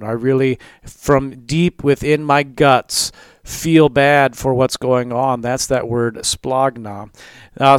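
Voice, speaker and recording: Smooth-voiced pastor explaining with fillers. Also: male voice, medium pitch, no echo. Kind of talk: Bible study talk.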